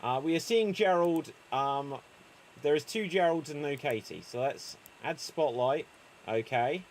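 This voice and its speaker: A man's voice: a little high, unhurried, a crowd in the background. A man hosting an online improv show, calling time and handing out movie prompts with a playful, laughing manner. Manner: playful, laughs between cues.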